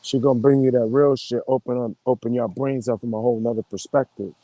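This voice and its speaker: A man live streaming in relaxed, slangy casual chat, greeting his viewers as he talks. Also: mid-range voice, quick pace, dry recording.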